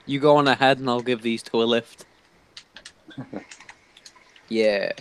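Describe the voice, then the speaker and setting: Brief: teen lad, stream host, rambling, filler-heavy casual chat over a call mic. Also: male voice, mid-range voice, steady tone, a little slow, a bit bright, smooth, poor audio. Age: teens. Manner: rambling, many fillers, laughs often.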